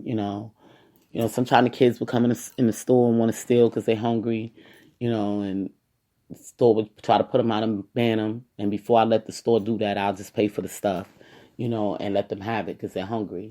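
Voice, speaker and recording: A woman's voice: rumbling low, dark tone. A woman with a New York accent, an activist giving a casual, rambling podcast monologue and often saying "you know".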